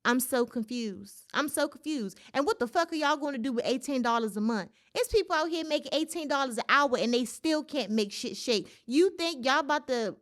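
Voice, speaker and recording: A woman's voice: sits high, expressive, brisk, hardly any pauses, a bit bright. A woman hosting a solo podcast, ranting in casual commentary with incredulous, profane outbursts and speech. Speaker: podcast host.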